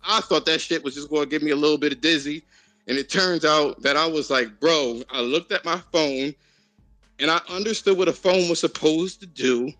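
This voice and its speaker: A man's voice: a little high, brisk, bright, forceful tone, dry recording, soft background music. Profane, frank man in dry voice chat. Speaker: host of an online voice chat. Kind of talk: casual group voice chat.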